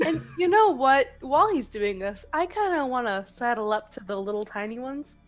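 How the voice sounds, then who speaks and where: A woman's voice: high-pitched, animated, moderate pace, dull audio. Playful, giggly woman at a game table. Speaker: player. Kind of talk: casual tabletop game chat. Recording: faint music behind.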